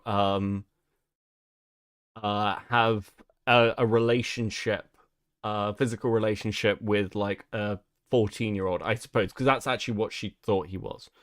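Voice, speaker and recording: A man with a British accent hosting a live-stream commentary, swearing and mocking with loud outbursts. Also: on the low side, normal speed, clear, resonant tone, no room sound, studio quality. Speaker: streamer host.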